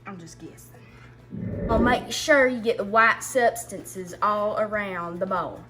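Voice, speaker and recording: A woman's voice: mid-range voice, bright, forceful tone, faint music behind. A woman helping with a casual home cooking video, playful and jokey as she explains each step. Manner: playful, jokey, slow-spoken. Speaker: cooking helper. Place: home kitchen.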